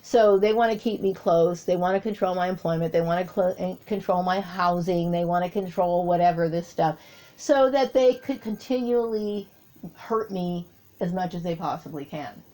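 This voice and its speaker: A woman talking through a personal memory in a rambling monologue, often pausing to search for her words. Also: fairly low pitch, warm tone, rough recording.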